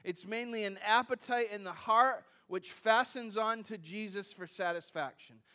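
With a high voice and a sharp tone, this man preaches at a moderate pace. His pastoral style is chatty, peppered with asides and jokes at his own expense, and he keeps restarting and repeating phrases while developing his points.

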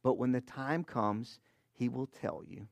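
A man's voice: mid-range voice, measured pace, gravelly, no echo. A man, a pastor, giving a sermon in a conversational way with frequent "all right?" and "okay?" asides, and praying earnestly. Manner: earnest prayer.

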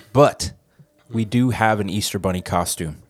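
A man's voice: lowish voice, measured pace, no echo. A man hosting a casual podcast chat, joking and laid-back as he asks the questions. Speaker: podcast host asking the questions.

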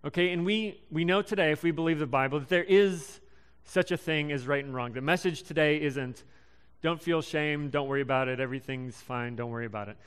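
Young man, sermon, halting with fillers, smooth resonant voice. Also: fairly high pitch, a bit bright. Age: young adult. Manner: casual, halting delivery with many ums and restarts. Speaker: preacher.

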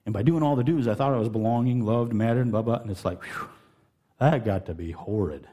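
A middle-aged man preaching a sermon in a folksy, animated storytelling way, laughing and putting on voices. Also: medium pitch, brisk. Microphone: handheld mic.

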